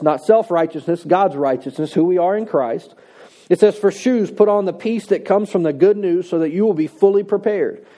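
Male pastor, high-pitched, mellow tone, emphatic conversational sermon delivery. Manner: emphatic, conversational preaching with repetition.

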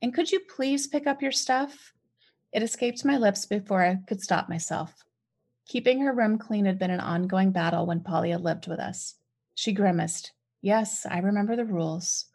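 A woman's voice: on the low side, moderate pace. A woman author reading her own novel in the first person, lifting her voice sharply for the lines of dialogue. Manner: expressive, lifts voice sharply for dialogue.

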